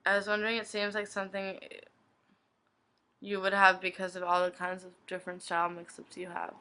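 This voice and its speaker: A young woman vlogger flatly reading fan messages from her inbox aloud, one after another. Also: mid-range voice, a little fast, smooth, rough recording. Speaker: video blogger reading fan questions.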